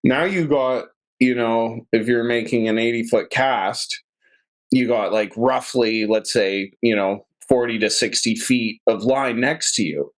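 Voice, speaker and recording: A man hosting a casual podcast chat, who talks in a relaxed, rambling way with fillers like "you know" and "uh". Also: mid-range voice, a little slow. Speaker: podcast host.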